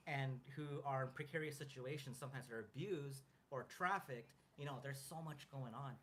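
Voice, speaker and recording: A man in his thirties in casual chat as co-host, earnest and halting, with many restarts and fillers. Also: medium pitch, a bit bright, a little hiss or hum.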